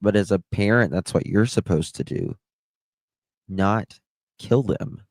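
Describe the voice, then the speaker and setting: A man's voice: lowish voice, darkish tone, no room sound. A man hosting a live stream, talking with indignant passion and thanking his chat viewers by name. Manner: impassioned and indignant, stretching words slowly. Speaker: livestream host. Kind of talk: emotional live-stream commentary.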